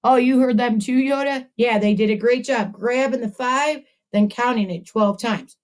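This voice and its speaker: A woman's voice: fairly high pitch, moderate pace, hardly any pauses. A woman teaching a math lesson to second graders, upbeat and encouraging, chatting with a puppet as she goes. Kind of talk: video math lesson for children.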